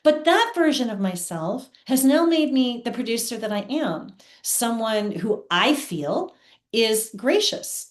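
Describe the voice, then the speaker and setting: A theatre producer appears as a guest on an interview show, sharing personal stories in an earnest, heartfelt, candid way. Her voice runs on the high side with a darkish tone, and the recording has a roomy echo.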